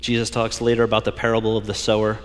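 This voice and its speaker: A man's voice: on the low side, monotone. Man preaching in a reverberant church. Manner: preaching with rising emphasis, drawn-out scripture quotes. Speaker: pastor. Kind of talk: sermon. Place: church sanctuary.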